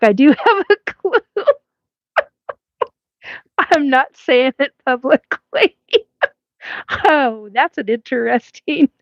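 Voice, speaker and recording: A slightly high voice belongs to a fifty-something livestream host from Washington State with a West Coast accent. She rambles through a casual live chat, full of fillers and frequent laughs. The sound is lo-fi, without echo.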